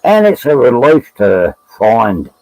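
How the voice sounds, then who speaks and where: A man with an Australian accent chatting casually on a livestream, blunt and quick to swear. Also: mid-range voice, sing-song, a little mellow, low-quality recording. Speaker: livestream guest. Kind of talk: casual chat.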